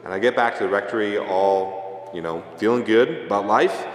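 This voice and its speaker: Casual storytelling priest in echoey church. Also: male voice, lowish voice, moderate pace. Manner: casual, self-deprecating storyteller. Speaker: parish priest. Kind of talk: storytelling homily. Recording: echoey church with long reverb.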